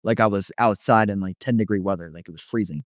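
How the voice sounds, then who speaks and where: A man's voice: fairly low pitch, fast, no echo. Rambling man with a dry close sound. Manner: rambling, full of "like" and restarts. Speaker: guest telling a near-death story. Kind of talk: casual personal testimony.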